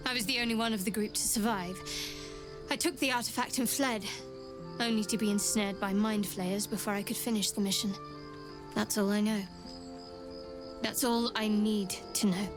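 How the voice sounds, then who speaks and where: A secretive young cleric from a video game, voiced by an actress, guarded and dutiful. She speaks in a measured, wry way at a middling pitch and gives little away. She sounds firm whenever she talks of duty. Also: steady tone, over music, natural voice.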